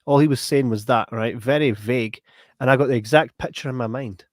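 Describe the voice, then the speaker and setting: Speaking a little fast in a mid-range voice, this young Scottish podcast host rambles animatedly through a lengthy tale, repeatedly adding "right?". The sound is clean studio audio with no room sound.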